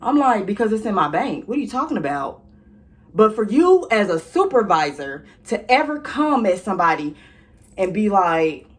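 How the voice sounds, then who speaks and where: A sassy young woman talks straight to her viewers in a casual storytime vlog. Her voice sits at a middle pitch, and her delivery is animated and chatty. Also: normal speed. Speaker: vlogger.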